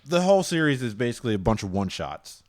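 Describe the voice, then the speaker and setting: This is a man co-hosting a loose, casual podcast. His pitch sits in the middle of the male range. He laughs often and stammers through restarts as he recaps episodes. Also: big pitch swings, quick pace. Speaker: podcast co-host. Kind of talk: casual chat reviewing anime.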